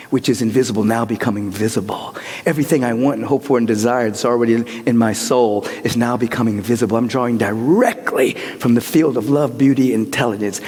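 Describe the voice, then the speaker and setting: A man preaching a sermon as pastor, swinging from soaring shouts to hushed whispers. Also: medium pitch, breathy edge. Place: large church hall. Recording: hall reverb.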